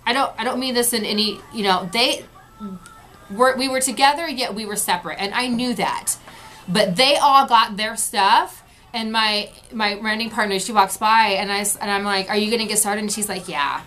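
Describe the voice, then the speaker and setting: A woman's voice: a little high, moderate pace, sharp tone, slight background noise. A woman vlogger recapping an event in casual talk, frustrated and retelling what people said. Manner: frustrated, retelling with quoted voices.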